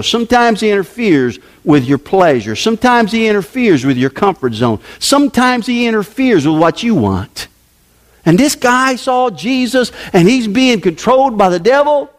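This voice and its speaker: A man preaching a sermon as pastor, emphatic and forceful, his delivery sweeping up and down. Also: sits high, very animated, moderate pace. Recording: long hall reverb.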